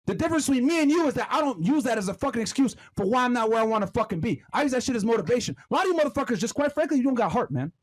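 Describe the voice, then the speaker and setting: A man's voice: extremely high pitch, animated, rapid-fire, hardly any pauses. A man in his thirties in a played clip, ranting aggressively and swearing heavily. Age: 30s. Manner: aggressive, scolding, heavy swearing; shouts at times. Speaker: podcast host in a played clip. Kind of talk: profane ranting monologue.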